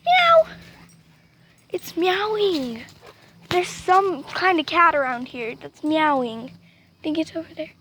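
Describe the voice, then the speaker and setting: A woman vlogging outdoors near a barn, talking in excited exclamations and hushed asides. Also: high voice, measured pace, slight background noise. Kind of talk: casual vlog narration.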